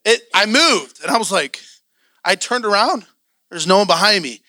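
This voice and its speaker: Bright, animated man preaching a story. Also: high voice, moderate pace. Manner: animated storytelling with acted-out quotes. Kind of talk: storytelling sermon. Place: church sanctuary.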